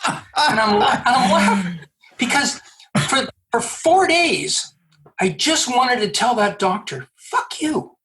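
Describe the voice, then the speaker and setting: A man in his sixties, a podcast guest from Canada, telling a personal story in a lively, joking way and acting out the people he quotes. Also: extremely high pitch, slow pace. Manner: lively, jokey storyteller who acts out quoted dialogue. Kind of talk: animated storytelling.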